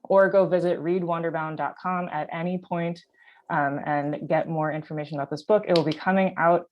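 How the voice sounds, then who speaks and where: A woman's voice: low-pitched, fairly even intonation, brisk, muffled recording. A woman moderating a panel discussion, upbeat and bubbly, over a video call. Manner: upbeat, bubbly, easy laugh.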